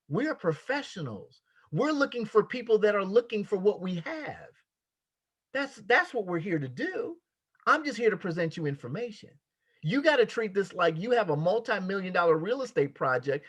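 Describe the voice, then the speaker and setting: A man's voice: high-pitched, fairly bright tone. A man giving a motivational sales training talk, emphatic and repetitive, with a preacher-like cadence. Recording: dull lo-fi sound.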